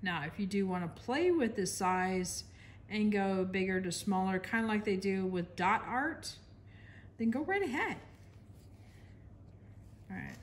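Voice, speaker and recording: A woman's voice: medium pitch, expressive, a little slow, long pauses, slight background noise. An American woman giving a casual, chatty painting demonstration, talking while she works and apologizing to viewers now and then. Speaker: art instructor.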